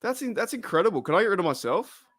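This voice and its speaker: Casual Australian streamer, male, rambling and giggly, slightly high-pitched. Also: big pitch swings, quick pace, fairly bright tone. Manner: giggly, rambling, breaks into laughter. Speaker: streamer hosting a football watch party. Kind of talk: casual live-stream chat.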